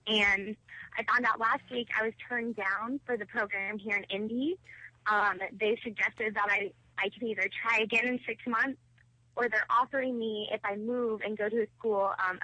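A woman's voice: on the high side, steady tone, moderate pace, sharp tone, no echo. A woman in her twenties calling a radio show for advice, earnest and hesitant, over a phone line. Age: 20s. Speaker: radio caller. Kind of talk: asking for advice.

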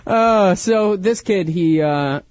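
A man's voice: high-pitched, takes it slowly, a little mellow, no room sound. A man chatting as a podcast guest, boasting jokingly about himself. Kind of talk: casual chat.

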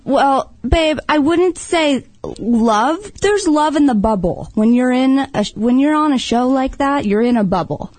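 A woman's voice: sits high, lively intonation, measured pace, darkish tone, no echo, poor audio. Chatty woman telling a story. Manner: chatty storyteller, calls partner babe. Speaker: guest. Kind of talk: casual chat.

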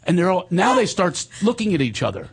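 A middle-aged male actor telling a self-mocking story in casual chat, animated and laughing often. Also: high voice, fast, breathy edge. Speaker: actor and guest.

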